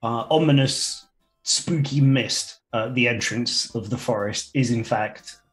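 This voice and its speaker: A man's voice: mid-range voice, a little slow, soft background music. A man narrating as dungeon master in a chatty, amused way with many fillers. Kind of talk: casual tabletop game narration.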